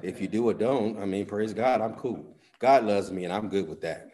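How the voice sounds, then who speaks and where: A pastor preaching a sermon, folksy with "y'all", swinging between loud bursts and hushed asides. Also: male voice, lowish voice, moderate pace. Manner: folksy talk with "y'all" and "ain't".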